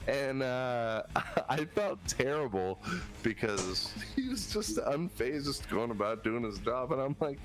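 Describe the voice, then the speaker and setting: Lively low-voiced man telling a story. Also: takes it slowly, faint music behind. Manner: animated, laughing, swearing. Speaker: co-host. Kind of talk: casual storytelling chat.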